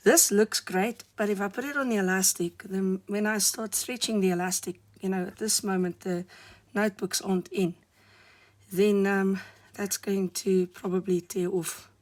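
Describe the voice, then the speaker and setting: A woman talking softly to the camera while she decorates a journal cover, often dropping to a murmur or whisper as she works, her voice still hoarse. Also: mid-range voice, steady tone, moderate pace. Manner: soft-spoken, murmuring while working, frequent near-whispers. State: hoarse, recovering voice. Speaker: craft vlogger. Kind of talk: casual crafting commentary.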